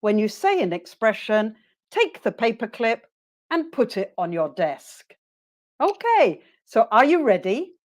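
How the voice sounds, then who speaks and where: A woman teacher trainer leads a webinar, modelling short phrases slowly for her listeners to repeat. Her pitch rises and falls in a lively, encouraging way, and she keeps an unhurried pace throughout.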